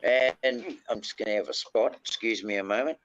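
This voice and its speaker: A man's voice: fairly low pitch, normal speed, fairly bright tone. A man with a New Zealand accent telling a rambling story in casual chat, full of mild swearing. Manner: rambling, peppers speech with "bloody". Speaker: panel guest. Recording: dull lo-fi audio.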